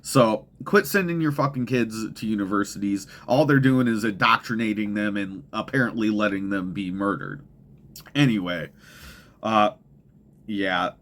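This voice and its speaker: A man's voice: fairly low pitch, normal speed, fairly bright tone. A young man hosting a podcast, ranting in heated, profane, rambling commentary full of restarts. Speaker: podcast host.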